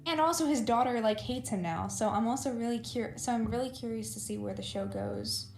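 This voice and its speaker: Sleepy woman streamer, halting rambling chat, roomy echo, faint music behind. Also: fairly high pitch, big pitch swings. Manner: halting, rambling with many fillers. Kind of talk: casual chat while drawing.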